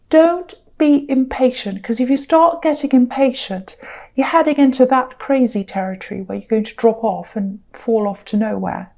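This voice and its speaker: Woman tarot reader, raised pitch, warm mellow timbre, reassuring rambling delivery. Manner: gentle, reassuring, rambling with many fillers and restarts. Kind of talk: solo tarot reading to camera.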